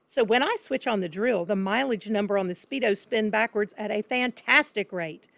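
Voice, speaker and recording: A woman voicing a boastful, crooked car-dealer father who brags loudly about his tricks. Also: medium pitch, normal speed, vocal fry, no room sound. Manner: blustering, bragging, shouting.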